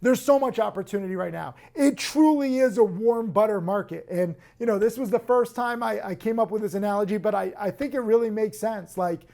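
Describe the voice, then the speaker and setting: A man with a hoarse voice hosting in excitable, emphatic casual promotional talk. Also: high voice, fairly quick, hardly any pauses. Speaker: host.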